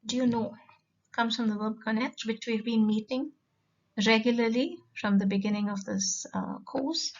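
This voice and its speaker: A woman, a French teacher giving a recorded lesson and patiently repeating words slowly. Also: on the high side. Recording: dull lo-fi recording.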